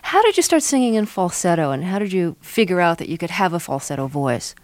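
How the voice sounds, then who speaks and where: Measured woman radio host. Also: fairly low pitch, big pitch swings, dry recording. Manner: measured, prompting questions. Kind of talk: radio interview.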